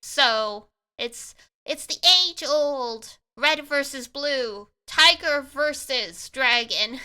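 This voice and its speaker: A woman's voice: high voice, very slow, sharp tone. A woman streaming a game, chatting casually and joking, with the odd swear word. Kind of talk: casual gameplay commentary.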